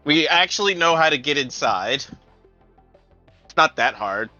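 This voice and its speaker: A man's voice: a little high, lively intonation, a little slow, sharp tone, dry recording, highs cut off, soft background music. A man chatting casually as a tabletop game player, wry and joking.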